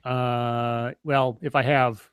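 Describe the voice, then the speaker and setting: A podcast co-host in a casual online chat tells long stories, full of fillers and restarts. His medium-pitched voice is level, slow, clear, and resonant, and the recording is dry.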